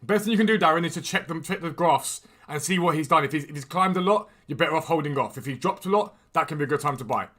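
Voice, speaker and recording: Fast-talking bright-voiced streamer man. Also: a little high. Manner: quick, chatty and enthusiastic, jumping between topics and chat questions. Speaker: gaming streamer and video host. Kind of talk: casual livestream chat while trading in a football game. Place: room at home with a door.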